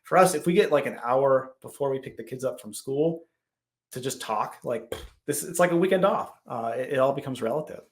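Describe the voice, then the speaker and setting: This man in his thirties is a podcast guest who talks at medium pitch and a slightly quick pace. In a casual interview chat, he tells stories with animated energy and acts out his own quoted lines.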